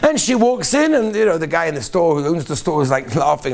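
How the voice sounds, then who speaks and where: Lively, animated male rabbi lecturing. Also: a little high, brisk, vocal fry, slight background noise. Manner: animated storyteller, acts out the characters. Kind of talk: Torah lecture with storytelling.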